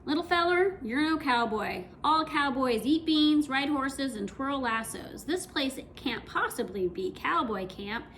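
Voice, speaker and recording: A woman voicing a gruff, mean male cowboy outlaw in a read-aloud storybook, drawling and threatening. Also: sits high, animated, a little slow, hardly any pauses, fairly bright tone, slight background noise.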